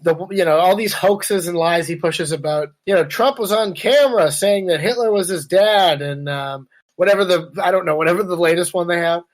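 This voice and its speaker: With a high-pitched voice, he speaks a little fast and barely pauses. As co-host of a politics podcast recorded over webcam, he keeps it casual and sarcastic, riffing and imitating the people he quotes.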